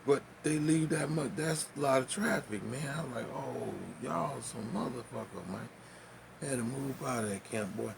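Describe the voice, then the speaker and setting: A man telling a profane, animated story in casual talk, with laughs and spoken sound effects. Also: mid-range voice, normal speed, vocal fry, few pauses, noisy background.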